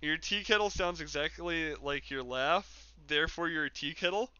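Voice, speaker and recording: A man's voice: fairly high pitch, normal speed, sharp tone, clean tone, no room sound, lo-fi sound. A man streaming a game and chatting casually with his chat in a rambling, jokey way, laughing often. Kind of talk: casual live-stream chat while gaming.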